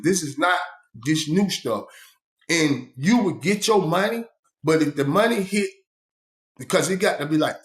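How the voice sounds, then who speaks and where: A man tells a story in a loose, rambling way, swearing freely. His voice sits somewhat high. The recording has a roomy echo. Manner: profane, rambling, conversational. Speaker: vlogger. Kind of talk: storytelling monologue.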